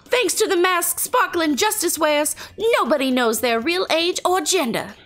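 A woman voicing a proper, morbidly curious foreign princess in a put-on American Southern accent, speaking in a formal, precise and measured way. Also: very high-pitched, expressive, fairly bright tone, pitched above the performer's own voice. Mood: enthused. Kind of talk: reading game dialogue aloud.

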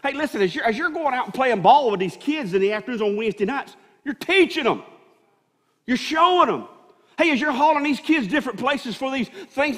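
A man's voice: extremely high pitch, fairly bright tone. A man preaching a sermon as pastor, stumbling through restarts and building emphasis. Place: church sanctuary. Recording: long reverb of a church hall.

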